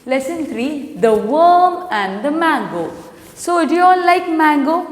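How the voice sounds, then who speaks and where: A woman's voice: high-pitched, very animated. A woman teacher giving an online lesson, asking her class questions. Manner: asks the class many questions, slow and clear. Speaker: primary school English teacher. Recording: echoey room with long reverb.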